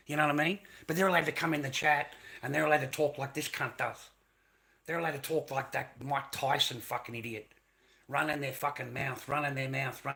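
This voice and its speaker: A man's voice: mid-range voice, bright, forceful tone. A man hosting a live stream, ranting heatedly in a profane and repetitive way to his viewers. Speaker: livestream host.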